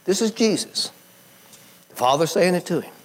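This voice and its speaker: A man preaching a sermon in a folksy, conversational way, quoting scripture and swinging between high emphatic bursts and low quiet drops. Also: expressive, normal speed.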